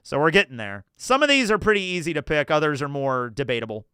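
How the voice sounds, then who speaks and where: A man's voice: a little high, very animated, fast, pushed and bright, clean tone, no room sound, clean studio sound. A man from New Jersey giving chatty, casual livestream commentary, laughing often and swearing freely. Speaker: streamer.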